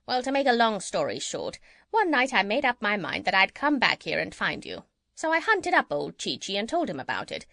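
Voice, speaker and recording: A woman's voice: medium pitch, a little fast, gravelly, dry recording, studio quality, exaggerated voice. A woman reading an audiobook and voicing a chatty, gossipy female parrot. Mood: wistful. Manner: lively, chattering storytelling. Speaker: audiobook reader. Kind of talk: children's audiobook character reading.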